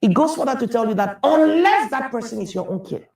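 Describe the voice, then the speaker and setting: Guy with a real gravelly voice, talking to a crowd, echoey room, a bit far from the mic. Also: very high-pitched, animated, brisk, darkish tone. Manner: emphatic, repeats phrases while building a point. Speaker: speaker on wealth and taxes. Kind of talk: public talk to an audience.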